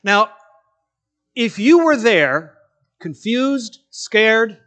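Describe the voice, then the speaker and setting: A man with a notably high voice preaches a sermon. He tells the story with animation and shifts into different voices for the quotes he acts out. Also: fairly bright tone.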